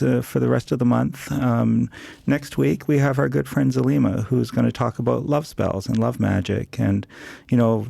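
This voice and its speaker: Man producer, very gravelly, hoarse from losing his voice, mellow and dry. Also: medium pitch, no echo. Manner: chatty, loose, lots of fillers. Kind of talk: casual show announcements.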